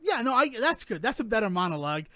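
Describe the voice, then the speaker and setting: A man co-hosting a podcast, chatting casually in an animated, joking, self-mocking way. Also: sits high, fast, crowd noise. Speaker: podcast co-host. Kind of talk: casual chat.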